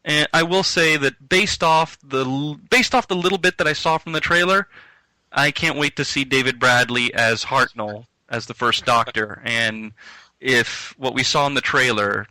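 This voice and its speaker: A man's voice: medium pitch, moderate pace, pushed and bright, no echo, poor audio. A man on a podcast who speaks eagerly, repeating and restarting his phrases as he talks. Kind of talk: casual chat.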